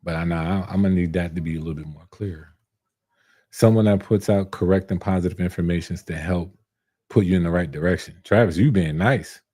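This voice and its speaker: A young man who reviews barber tools chats on a live stream, reading out viewer comments and replying in a laid-back, slangy, repetitive way. His deep voice is mellow and steady in tone, fairly quick, with no room sound.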